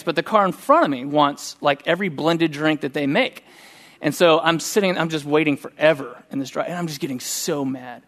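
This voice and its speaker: A middle-aged man preaching a sermon, telling a personal story in a conversational, animated way. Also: fairly high pitch, moderate pace. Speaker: pastor.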